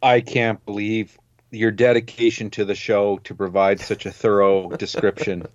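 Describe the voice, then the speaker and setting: A man co-hosting a podcast in casual chat, adding slow, joking asides. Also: on the low side, flat delivery, dry recording, highs cut off. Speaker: podcast co-host.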